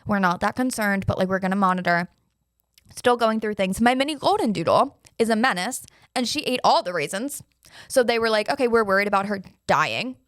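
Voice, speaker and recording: A young woman rants through a story on her podcast, swearing often and jumping into frantic quoted replies. Her voice sits at an ordinary pitch, recorded close and dry with no room sound around her. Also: fairly quick, dry recording. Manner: animated storytelling, swears freely, acts out panicked quotes. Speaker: podcast host. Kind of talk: casual solo podcast monologue.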